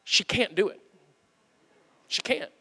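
A man's voice: takes it slowly, pushed and bright, in a large hall. A male pastor giving a sermon in an earnest, conversational way with emphatic repetition.

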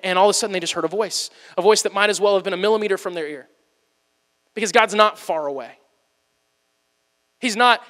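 A man preaching a sermon as pastor, telling stories with lively swings between loud bursts and hushed, intimate lines. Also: high voice, big-room sound.

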